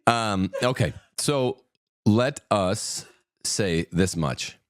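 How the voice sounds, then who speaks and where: A man's voice: deep voice, no echo, studio quality. A man hosting an opinionated news commentary show, reading headlines and adding sarcastic, mocking asides. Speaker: host.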